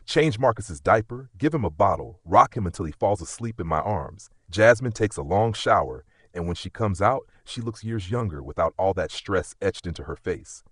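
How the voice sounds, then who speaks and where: A man tells a dramatic first-person story in a low, husky voice. His delivery is intense and emotional, with lively swings in pitch. The recording is dry and close. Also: moderate pace, hardly any pauses, no room sound. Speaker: story narrator.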